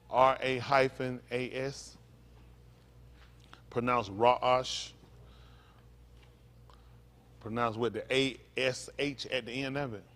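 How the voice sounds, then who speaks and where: A man's voice: mid-range voice, fairly bright tone. A male pastor preaching a loose, conversational sermon, asking the congregation questions and spelling out words. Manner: stops to spell out Hebrew words slowly.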